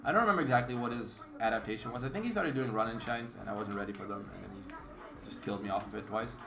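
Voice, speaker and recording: A young man vents to his stream in a casual, exasperated rant. He swears freely and slips into quick impressions of the people involved. Faint music and keyboard clatter sit in the background. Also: on the low side, gravelly. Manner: animated and exasperated, swears freely, mimics others in dialogue. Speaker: competitive gamer streamer.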